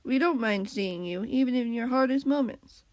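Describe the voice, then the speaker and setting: A woman's voice: on the high side, moderate pace, darkish tone, no echo, close to an everyday voice. A woman reading aloud and voicing a kind but firm male squid who speaks in a matter-of-fact way. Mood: reassuring.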